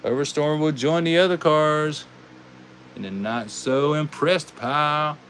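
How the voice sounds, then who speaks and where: A man's voice: fairly high pitch, fairly bright tone, a little hiss or hum. A man with a Southern US accent, hosting a live toy car race and giving casual, folksy commentary. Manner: folksy, drawn-out, says "y'all". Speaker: host racing toy cars.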